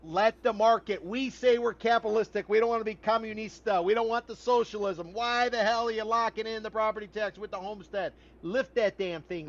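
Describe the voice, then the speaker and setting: A man's voice: high voice, dull audio. A man hosting a podcast, arguing in a blunt, emphatic and folksy way in casual debate. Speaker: podcast host.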